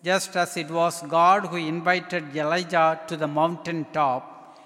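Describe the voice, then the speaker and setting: A male priest delivering a sermon in a slow, measured, reflective manner. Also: fairly high pitch, flat delivery, a bit bright, long reverb tail.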